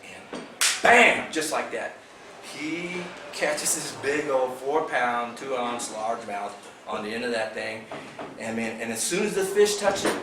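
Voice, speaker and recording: Man, lively storyteller, echoey room, distant camera, noisy background. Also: mid-range voice, measured pace. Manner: animated storyteller acting out quotes. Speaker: fishing team member recapping a tournament. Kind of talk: storytelling to a club meeting. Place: club meeting room.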